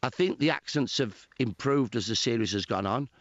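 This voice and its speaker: A man with a Birmingham accent answering radio interview questions in an earnest, measured and emphatic way. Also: mid-range voice, no echo, highs cut off. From Birmingham, England. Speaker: historian and author guest.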